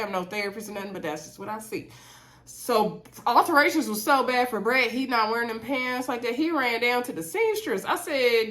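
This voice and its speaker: A woman casually recapping a reality TV show, chatty and animated, with many fillers. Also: mid-range voice. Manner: chatty, animated retelling with lots of "um" and "y'all".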